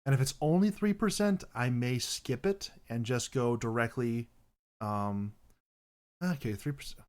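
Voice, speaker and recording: A man's voice: medium pitch, measured pace. A young man hosting a podcast, chatting casually and rambling, often correcting himself mid-sentence. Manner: rambling, self-correcting, bursts into loud mock voices. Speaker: podcast host. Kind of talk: casual chat on stream.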